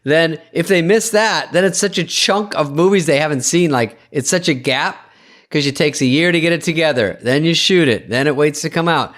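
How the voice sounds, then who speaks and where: A man's voice: on the high side, moderate pace, fairly bright tone. A man co-hosting a comedy podcast, telling show-business stories and acting out what people said to him. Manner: storytelling, quotes people with shifting voices. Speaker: podcast co-host. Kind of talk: casual comedy chat.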